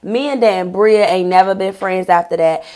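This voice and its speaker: A woman telling a personal storytime in a casual vlog, animated and profane, talking straight to viewers. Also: mid-range voice, normal speed. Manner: bursts into laughter mid-story.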